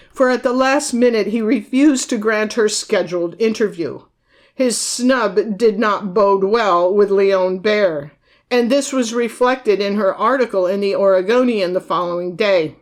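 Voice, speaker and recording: A woman co-hosting a podcast, reading aloud from her own book and old news clippings in a measured way, naming and quoting her sources. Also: medium pitch. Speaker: podcast co-host and author. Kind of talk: reading aloud from research notes.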